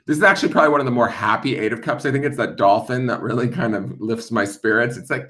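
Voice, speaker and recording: A man's voice: medium pitch, quick pace, few pauses, a bit bright. A man hosting a casual tarot deck unboxing stream, playful and joking as he goes. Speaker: tarot reader and channel host.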